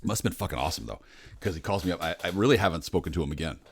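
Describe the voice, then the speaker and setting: Low-voiced bitter rambling man. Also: lively intonation, rapid-fire, a little hiss or hum. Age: 40s. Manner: bitter, sardonic, swears a lot; mumbles low, then bursts loud. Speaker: vlogger. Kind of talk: rambling profane monologue.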